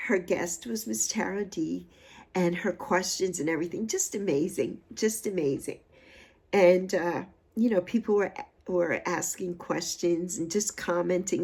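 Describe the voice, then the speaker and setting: A woman's voice: medium pitch, a little mellow, slightly rough. A woman in her sixties hosting a livestream, talking in an effusive, heartfelt way and repeating phrases for emphasis while still emotional. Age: 60s. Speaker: livestream host. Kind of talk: heartfelt casual livestream chat.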